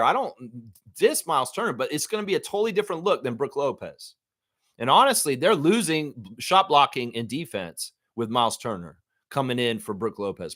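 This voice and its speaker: A man hosting a live basketball fan stream. He rants in a profane, animated way. His pitch swoops widely and sits a bit high. He delivers casual commentary throughout. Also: dry recording, studio quality. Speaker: sports stream host.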